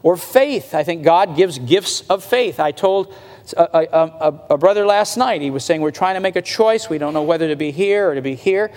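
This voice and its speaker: Male pastor, higher register, conversational sermon delivery, long hall reverb. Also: animated, a little mellow. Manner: conversational preaching, slows to stress points, rises in pitch when emphatic.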